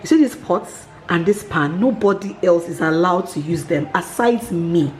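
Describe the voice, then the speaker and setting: A woman's voice: fairly low pitch, animated, moderate pace. A woman, chatting casually to her vlog audience, gushing and laughing often. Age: 30s. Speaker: vlogger.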